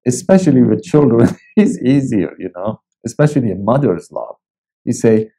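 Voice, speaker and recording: A male pastor reading and preaching a devotional in a slow, deliberate way with long pauses. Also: medium pitch, lively intonation, warm tone, slightly rough, rough recording. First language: Persian.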